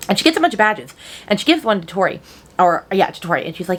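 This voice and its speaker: A young woman vlogging casually about a book she is reading, chatty and animated, with mock-outraged asides and casual swearing. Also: medium pitch, fast talker.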